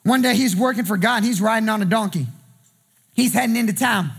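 Man preaching, high-pitched, gravelly, husky, impassioned sing-song sermon. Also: fairly quick. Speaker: pastor.

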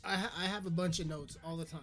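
A man's voice: high voice, fairly even intonation, fast talker, a bit bright, faint music behind. A man hosting a podcast, ranting in anger, swearing constantly and stumbling over his words. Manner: profane, stammering, heated. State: furious. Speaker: podcast host. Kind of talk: angry podcast sign-off rant.

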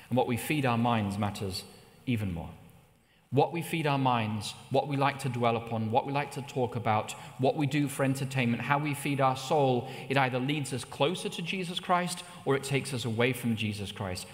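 Preacher in a reverberant hall. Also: male voice. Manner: anecdotal, with animated rises in pitch. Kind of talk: sermon.

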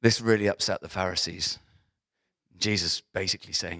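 A man preaching a sermon as pastor, talking in a lively, conversational way with frequent asides to the congregation. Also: low voice, moderate pace, creaky.

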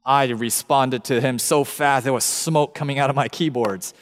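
A man's voice: medium pitch, normal speed. A man in his thirties giving a camp meeting talk, telling a personal story and acting out the voices of the people in it. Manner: animated storyteller who acts out quoted voices. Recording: long hall reverb.

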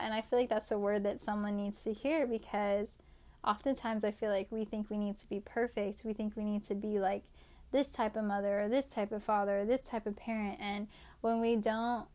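A woman's voice: mid-range voice, darkish tone. Chatty young mother telling a story. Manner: chatty, many fillers like "like" and "right?". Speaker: podcast host. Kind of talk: casual faith-based storytelling.

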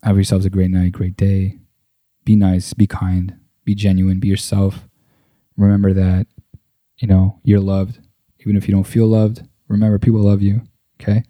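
A man's voice: sits low, completely flat delivery, moderate pace, mellow, dry recording. A young man hosting his own podcast in a casual, rambling monologue, swearing often and filling with "like" and "you know", close to a desk microphone at a table indoors. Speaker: podcast host. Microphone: desk microphone close to the mouth.

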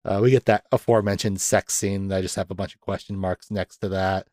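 In a deep, fairly quick voice, a podcast host chats casually about films, animatedly replaying scenes and acting out lines while laughing a lot. It's clean studio sound with no room noise.

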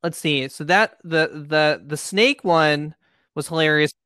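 Bright, crisp man, dry close sound. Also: on the high side, a little slow, no echo. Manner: relaxed, hesitant with many fillers. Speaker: podcast co-host. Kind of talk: casual chat.

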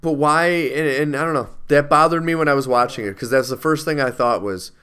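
A man's voice: on the high side, a bit bright, clear, resonant tone. A man co-hosting a podcast, giving opinionated takes in a casual chat about films. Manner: opinionated, quick bursts of complaint. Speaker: podcast co-host. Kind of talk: casual film review chat.

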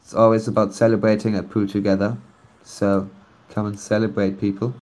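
A man's voice: lowish voice, flat delivery, brisk, a little mellow. A man whose first language is not English, speaking on a community voice call and announcing a nomination with many ums and restarts. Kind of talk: casual chat on a community voice call. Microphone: online voice call.

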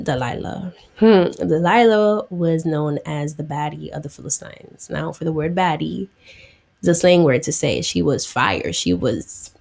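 A woman's voice: lowish voice, gravelly, a little mellow. A young woman retelling a Bible story in a chatty, slangy way, acting out the characters' lines.

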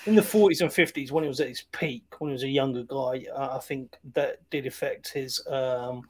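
A man's voice: mid-range voice, a little fast, slight background noise. A man co-hosting a casual film chat, rambling with lots of fillers. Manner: rambling, many fillers like "you know", laughs easily.

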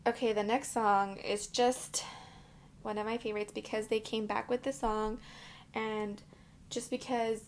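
A podcast host rambles through casual chat at home, swearing freely as she curls her hair. Her voice is on the high side with little pitch movement, unhurried, and there is slight background noise.

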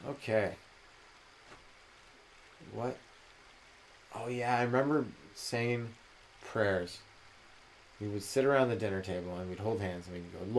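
A man's voice: fairly low pitch, measured pace, long pauses, slight background noise. Rambling man, stand-up comic. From Canada. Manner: rambling, animated, jumps into loud voices for quoted people. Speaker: podcast host, stand-up comedian. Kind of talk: solo comedy podcast monologue.

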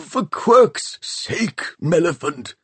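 A man's voice: fairly high pitch, animated, slow, darkish tone, breathy edge, no room sound, voice pushed up, full character voice. A man voicing a flustered, bumbling elderly male art historian who stammers through many fillers. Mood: snappish.

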